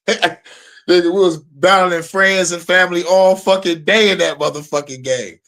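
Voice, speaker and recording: Man, 30s, podcast host: casual, profane and excitable, laughs easily. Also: high-pitched, measured pace. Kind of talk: casual chat.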